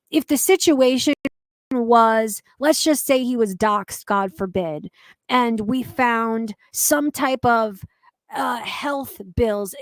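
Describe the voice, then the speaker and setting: Profane high-voiced woman commentator. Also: no echo. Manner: blunt, profane, indignant. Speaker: commentary channel host. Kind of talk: casual commentary, reading chat comments.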